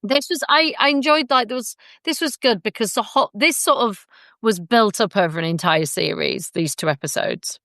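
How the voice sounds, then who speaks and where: A woman's voice: a little high, normal speed, a bit bright, no echo. Chatty woman podcast co-host, dry sound. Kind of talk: casual chat.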